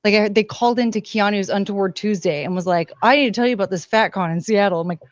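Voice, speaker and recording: A woman's voice: medium pitch, fast talker, few pauses, dry recording. A woman guest chatting casually, rambling through stories with laughs. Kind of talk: casual chat. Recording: dull lo-fi sound.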